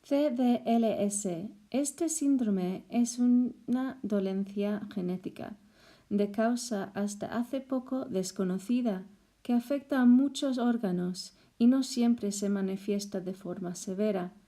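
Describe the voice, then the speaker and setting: A woman giving a calm, informative scripted explanation. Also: mid-range voice, measured pace. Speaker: narrator explaining a syndrome.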